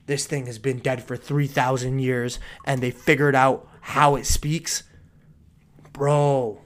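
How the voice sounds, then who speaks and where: Speaking slowly in a level tone, a twenty-something man comments casually on his own about news stories. His rant is profane, shifting between quiet mutters and abrupt outbursts.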